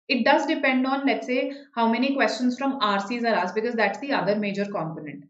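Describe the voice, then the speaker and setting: Her voice is fairly high and a bit bright, captured in an echoey space with muffled highs. This Indian-English-accented woman leads a live online exam-prep class, fielding student questions, explaining things and dropping in "okay" and "right" to check in.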